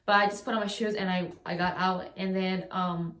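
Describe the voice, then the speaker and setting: A woman's voice: on the low side, steady tone, normal speed, a bit bright. A young woman telling a long personal story to the camera in a loose, rambling way, leaning on "like" and often restarting her sentences. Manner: rambling, heavy use of "like", frequent restarts. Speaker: vlogger. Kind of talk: casual storytime. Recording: roomy echo.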